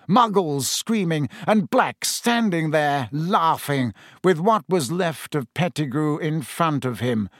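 A man's voice: on the high side, a bit bright, no room sound, clean studio sound, voice pushed up. Self-important official, middle-aged man read by the narrator, pompous, slightly raised voice.

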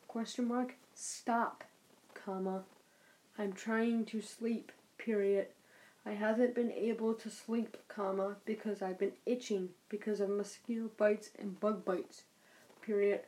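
A woman's voice: medium pitch, warm tone, poor audio. A woman angrily dictating a profane message aloud, speaking each punctuation mark as she goes. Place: bedroom at night.

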